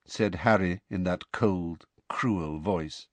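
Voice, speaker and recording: A man narrating a storybook with an expressive, measured reading. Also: fairly low pitch, dry recording. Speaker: audiobook narrator.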